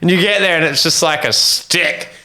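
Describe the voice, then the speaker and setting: A man's voice: a little high, normal speed, bright, forceful tone. A young man, chatting crudely and laughing often on a comedy podcast. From Australia. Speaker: podcast co-host. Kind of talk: casual comedy chat.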